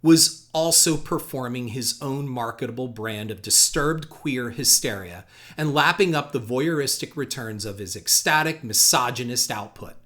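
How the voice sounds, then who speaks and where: Male podcast host, sardonic reader with mock emphasis, average pitch. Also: moderate pace, hardly any pauses, fairly bright tone. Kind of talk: reading quotes aloud with commentary.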